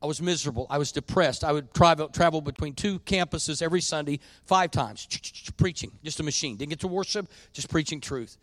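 Guy preaching a sermon, pretty high voice, folksy, goes quiet then loud. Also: a little fast, few pauses, dry recording. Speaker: pastor. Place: church.

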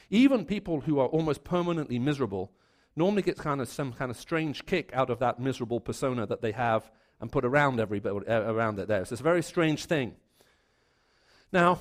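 A man's voice: fairly high pitch, darkish tone. A man preaching a sermon to a live congregation, conversational and storytelling, with frequent restarts and fillers. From raised in the Middle East.

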